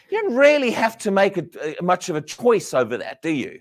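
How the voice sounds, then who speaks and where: Male preacher, high and lively pitch, sermon full of rhetorical questions, shifting between loud and hushed lines. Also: moderate pace, long pauses.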